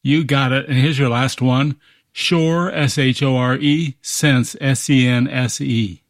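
A man acting as puzzle master on a radio show, reading clues in a measured way and spelling words letter by letter. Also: medium pitch, steady tone, dry recording, clean studio sound. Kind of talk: radio quiz hosting.

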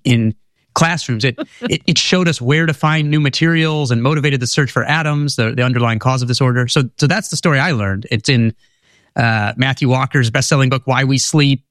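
A man's voice: mid-range voice, fairly bright tone, no room sound, studio quality. A man, an author guest in an interview, explaining ideas in an articulate, storytelling way. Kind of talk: conversational interview.

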